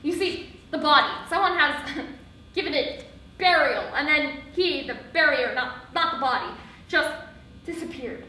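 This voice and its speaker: A woman's voice: high voice, measured pace, sharp tone. Girl playing a bumbling nervous soldier. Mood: flustered. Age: teens. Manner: rambling, giggly, flustered. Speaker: student actor. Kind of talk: live high school stage play. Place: school theatre stage. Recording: echoey hall, distant stage mic, faint hiss.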